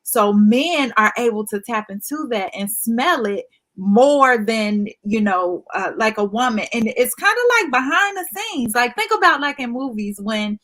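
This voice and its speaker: A woman's voice: on the high side, expressive, measured pace, few pauses, fairly bright tone. A woman guest in casual chat, explaining with confident emphasis.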